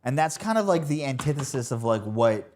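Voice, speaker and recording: A man's voice: medium pitch, lively intonation, fairly quick, a little mellow. Young guy on a podcast, crude jokey banter, voice bouncing all over the place. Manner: crude, joking, riffs into mock impressions. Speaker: podcast co-host.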